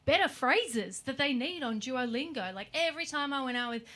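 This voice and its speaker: A woman's voice: sits high, lively intonation, moderate pace, fairly bright tone. A young woman doing a stand-up set in a comedy club, brash and sweary, tossing "right?" into every bit. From Australia. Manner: brash, sweary punchlines with frequent "right?" asides. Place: comedy club stage with audience.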